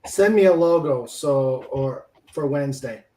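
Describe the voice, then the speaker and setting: A man's voice: medium pitch, measured pace, mellow. A man hosting a casual live stream, reading chat messages aloud and chuckling along with guests. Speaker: stream host.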